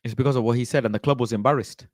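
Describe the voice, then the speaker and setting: A man in casual football chat, ranting in a slow, indignant, emphatic way. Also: medium pitch, steady tone, dry recording.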